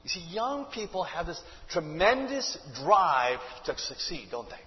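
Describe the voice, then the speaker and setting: A man's voice: high voice, very animated, unhurried. A man, a pastor, preaching a sermon in a conversational way, full of rhetorical questions to the congregation. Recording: dull audio with long hall reverb.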